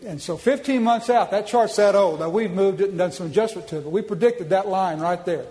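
High-voiced folksy man speaking in a hall. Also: a little mellow. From Oklahoma. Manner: folksy and emphatic, with repeated restarts. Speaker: speaker at a policy conference. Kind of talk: public speech with slides.

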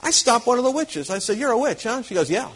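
A man preaching to a live audience, telling lively anecdotes, acting out quoted people and chuckling as he goes. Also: very high-pitched, quick pace, breathy edge. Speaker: Christian conference speaker. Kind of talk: storytelling sermon to a live audience.

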